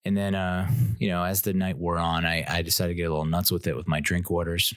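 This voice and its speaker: A man's voice: deep voice, little pitch movement, quick pace, fairly bright tone, clear, resonant tone, no echo, clean studio sound. A man hosting his own podcast, telling a rambling, self-mocking story and laughing at his own jokes. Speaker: podcast host. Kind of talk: casual solo podcast storytelling.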